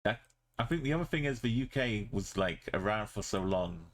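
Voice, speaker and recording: A man with a very low voice talks through a live stream in loose, easy chat. He mutters half-finished thoughts to himself, then turns to his viewers to muse and chat. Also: expressive, normal speed. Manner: thinking aloud, musing and chatting with viewers. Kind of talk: casual live-stream commentary while playing.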